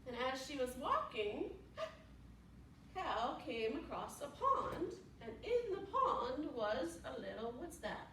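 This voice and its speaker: In a library room, a woman children's librarian reads a story aloud to preschoolers in a sing-song style, pausing to ask them questions. Her high, fairly bright voice swings widely in pitch and moves slowly, with slight background noise. The recording sounds roomy, her voice coming from a distance.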